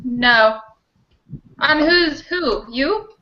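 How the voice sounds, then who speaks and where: A woman's voice: sits high, lively intonation, extremely slow, highs cut off, a crowd in the background. A woman guest on a casual live panel chat, giggly and chatty.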